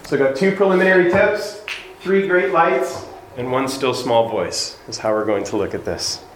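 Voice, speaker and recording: A man's voice: mid-range voice, normal speed, slight background noise. A man giving a conversational sermon as pastor, now and then acting out quoted voices. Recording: echoey room with faint ambience.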